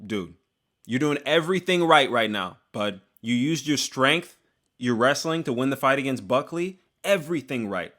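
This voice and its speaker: A young man, an MMA commentator, giving an animated, jokey opinion vlog that talks straight to the fighters. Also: medium pitch, normal speed. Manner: animated, hyped, jokey, addresses fighters directly.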